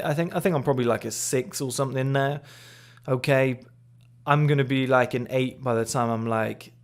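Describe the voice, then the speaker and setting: A cocky man in his twenties delivers a motivational monologue to young men. His talk is blunt and peppered with swearing. He sounds boastful and self-assured, at an ordinary pitch for a man. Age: 20s. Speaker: men's lifestyle creator.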